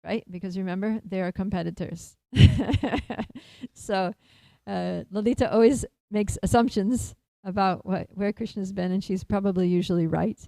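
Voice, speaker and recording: Mellow-voiced woman telling a devotional story. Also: medium pitch, normal speed, vocal fry, hardly any pauses, dry recording, low-quality recording. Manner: animated, laughs often, many fillers. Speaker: speaker at a temple feast.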